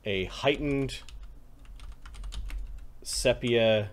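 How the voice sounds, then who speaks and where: A man's voice: mid-range voice, extremely slow. A man narrating as game master of a tabletop game, describing scenes in a casual, descriptive way.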